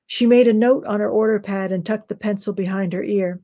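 Woman author, reading own novel aloud, measured, mellow voice. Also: mid-range voice, steady tone.

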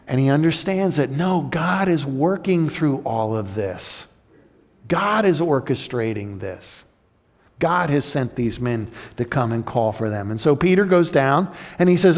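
A male preacher delivering a sermon, explaining a scripture passage in an animated, storytelling manner. His voice sits fairly high for a man. A long reverb rings from the church hall around him. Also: normal speed.

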